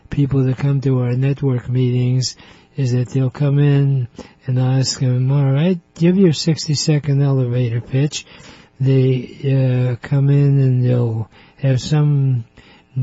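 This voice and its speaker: A man hosting a radio interview show, talking slowly in a chatty way and laughing often. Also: mid-range voice, warm tone, no room sound. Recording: muffled radio broadcast.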